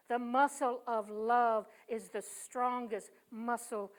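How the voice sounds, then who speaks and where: A woman with a fairly high voice gives a sermon at a church service. She tells stories with emphasis and swings between loud, pressing lines and hushed ones. She leans on rhythmic repetition to drive her point home. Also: steady tone, slow pace, few pauses. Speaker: guest speaker and poet.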